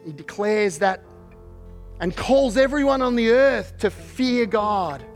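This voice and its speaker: A man preaching a sermon as pastor, measured and repeating words as he searches for phrasing, then building to a fervent call near the close. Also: high-pitched, lively intonation, faint music behind.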